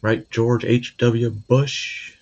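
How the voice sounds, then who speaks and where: A man's voice: mid-range voice, fairly even intonation, extremely slow, a little mellow, highs cut off. A man hosting a commentary video, talking in a sarcastic, conversational way. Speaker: video host. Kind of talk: commentary monologue.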